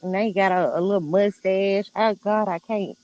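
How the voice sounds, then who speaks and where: A woman's voice: mid-range voice, fairly even intonation, moderate pace, a little mellow, lo-fi sound, slight background noise. A woman in her thirties in a casual group chat, emotional and doting, full of exclamations. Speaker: participant.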